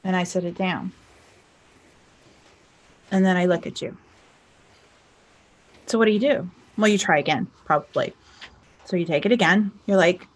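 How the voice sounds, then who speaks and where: A woman spiritual teacher and life coach, teaching casually to a camera in a chatty, animated way, often checking in with "okay?" and acting out both sides of an argument. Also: medium pitch, moderate pace, gravelly, pauses often, husky.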